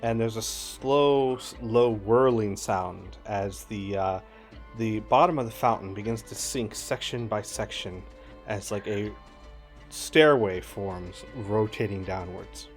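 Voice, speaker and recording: A man narrating as game master in a relaxed way, with many fillers. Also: on the low side, takes it slowly, soft background music.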